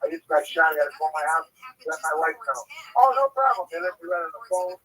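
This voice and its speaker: A man's voice: fairly high pitch, little pitch movement, quick pace, pushed and bright. A man telling a long story in casual chat, rambling with many restarts and some swearing, recorded from a distant mic.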